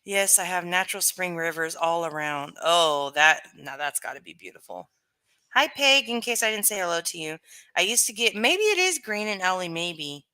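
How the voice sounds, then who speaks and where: A woman's voice: fairly low pitch, sing-song, moderate pace, pushed and bright, clean tone. A woman chatting casually on a live stream, reading and answering viewer comments with plenty of fillers.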